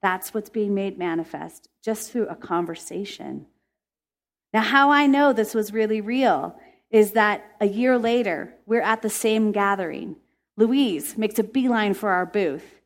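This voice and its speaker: A woman's voice: mid-range voice, a little slow. A woman telling a heartfelt faith testimony to listeners, earnest and emotive. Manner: earnest, emotive, laughs when excited. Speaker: Christian speaker.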